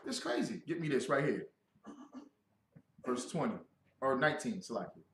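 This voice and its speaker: Man, scripture teacher, loud and joking, lively high voice, roomy echo. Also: moderate pace, a little hiss or hum. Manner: loud, joking, calls on listeners to answer. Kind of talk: animated scripture breakdown.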